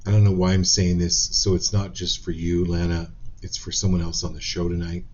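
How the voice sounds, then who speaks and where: A man with a very low voice leads a live-stream card reading, speaking casually and with lively storytelling. The sound is slightly dull and lo-fi. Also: brisk. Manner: storytelling, animated retelling of quotes. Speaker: psychic reader.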